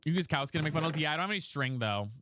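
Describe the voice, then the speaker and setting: A game streamer chatting live with viewers while playing, profane and excitable, swinging between low grumbles and loud squeals. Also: racing, background noise.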